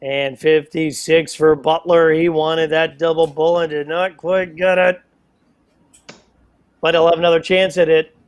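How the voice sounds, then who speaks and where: Excitable male darts commentator, slightly high voice. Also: measured pace, clean tone. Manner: excitable, playful, self-mocking asides. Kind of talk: live sports play-by-play commentary.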